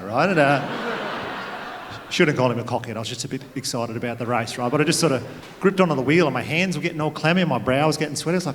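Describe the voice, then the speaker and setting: A man with an Australian accent doing a stand-up comedy set on stage, telling stories with deadpan asides. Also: a little high, rapid-fire, slight background noise. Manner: laid-back storytelling with deadpan asides. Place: theatre stage at a comedy gala. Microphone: stage microphone. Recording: live hall with long reverb. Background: audience laughter.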